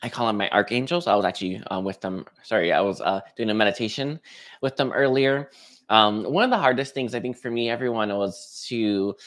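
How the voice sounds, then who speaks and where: A man hosting a spiritual livestream, talking casually and hesitantly with many pauses and restarts. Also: medium pitch, fairly bright tone. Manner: hesitant, lots of ums and restarts. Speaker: psychic reader hosting a livestream.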